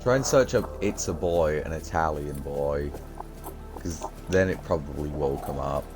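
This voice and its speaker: A man's voice: rumbling low, measured pace, over music. A young man streaming a game, chatting casually and rambling with loose giggles. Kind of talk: casual gaming commentary.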